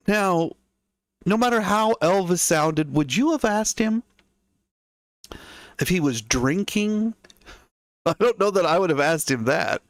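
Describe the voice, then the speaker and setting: A man's voice: high voice, lively intonation, slow, long pauses, dry recording. A man hosting a casual history livestream. He chats to his viewers and muses aloud in asides. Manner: chatty, musing asides to viewers. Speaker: history show host.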